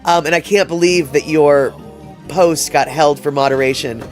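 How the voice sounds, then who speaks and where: A man's voice: on the high side, steady tone, normal speed, soft background music. A man hosting a livestream, chatting casually and reading out viewer comments in a rambling way, with many fillers and restarts. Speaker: livestream host.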